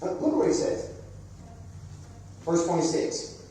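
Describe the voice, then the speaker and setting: A man's voice: on the high side, sing-song, takes it slowly, dark tone, slight background noise. Man preaching in an echoey church. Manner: conversational, asks the congregation questions. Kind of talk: sermon. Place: church sanctuary. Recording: echoey church hall, mic at a distance.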